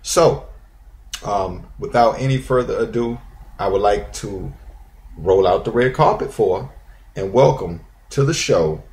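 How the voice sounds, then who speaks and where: A man's voice: fairly low pitch, animated, unhurried, a little mellow. A man hosting an internet radio talk show, chatting with a guest in a rambling way full of restarts and fillers. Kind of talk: casual interview.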